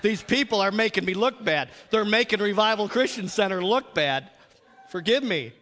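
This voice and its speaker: A pastor preaching a lively sermon in a church, repeating himself and laughing often. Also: male voice, sits high, moderate pace, in a large hall.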